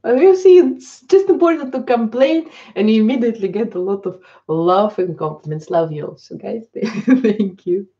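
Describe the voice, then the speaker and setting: Chatty doll artist on a live stream. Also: female voice, medium pitch, lively intonation, normal speed, dark tone. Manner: chatty, laughing, non-native phrasing. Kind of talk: casual live-stream chat. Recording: dull lo-fi stream audio.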